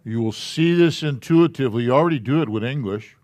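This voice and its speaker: A man's voice: medium pitch, a little fast, a little mellow, dry recording. A man teaching a Hebrew alphabet class in a church classroom, patiently explaining letters and syllables step by step.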